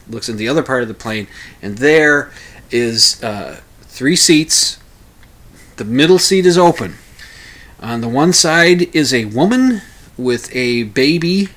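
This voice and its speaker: A man's voice: medium pitch, a bit bright. Rambling man chatting at home. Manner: rambling, hesitant storyteller. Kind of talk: casual spoken commentary.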